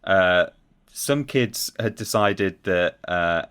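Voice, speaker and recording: Man, low voice, casual podcast chat, rambling storyteller, restarts mid-sentence. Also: lively intonation, slow pace, fairly bright tone, clear, resonant tone. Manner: rambling anecdotes with self-corrections. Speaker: podcast co-host. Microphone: remote call mic.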